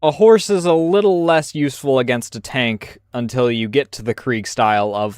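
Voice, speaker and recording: A man streaming a game, talking through rambling, chatty asides that break into animated bursts. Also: mid-range voice, moderate pace, clear, resonant tone, no echo, studio quality. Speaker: gaming streamer. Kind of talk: casual gameplay commentary.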